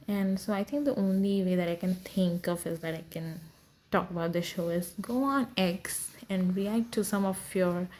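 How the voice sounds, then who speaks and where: Slow, chatty young woman host. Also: fairly low pitch, warm tone, slight background noise, poor audio. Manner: slow, chatty, gushing, many fillers. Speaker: podcast host. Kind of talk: casual fan reaction chat.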